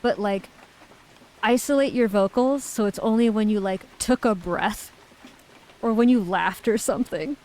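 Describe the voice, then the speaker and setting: A woman's voice: medium pitch, unhurried, darkish tone, rough recording. A woman streamer in casual chat, reading viewer messages aloud and giggling often.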